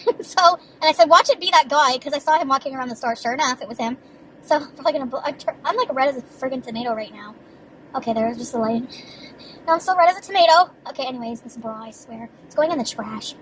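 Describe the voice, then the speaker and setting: A woman rambles through a casual vlog, chatty and quick to giggle, with swear words sprinkled in. Her voice sits high. A faint hiss runs underneath. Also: poor audio. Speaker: vlogger.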